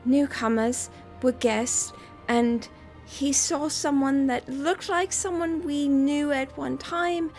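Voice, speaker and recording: A woman's voice: high voice, slow pace, soft background music. A woman player role-playing her character in a tabletop game, apologetic, rambling and hesitant.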